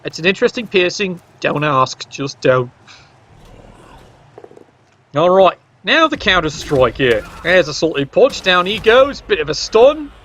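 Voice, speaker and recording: A man's voice: sits high, big pitch swings, measured pace, a bit bright. A man giving play-by-play commentary on a match, with dry joking asides. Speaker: game commentator. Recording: dull lo-fi recording.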